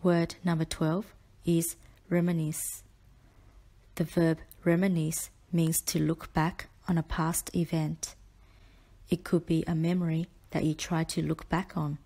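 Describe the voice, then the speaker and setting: Slow, low-voiced woman teaching spelling. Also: level tone, warm tone. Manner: measured, deliberate, carefully enunciated. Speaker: spelling tutor. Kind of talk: slow spelling-list dictation.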